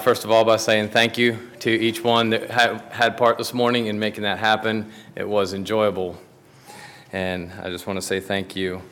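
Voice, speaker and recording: A man's voice: lowish voice, a bit bright. Guy preaching a sermon, easygoing storyteller, trips over words now and then. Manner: folksy storytelling with restarts.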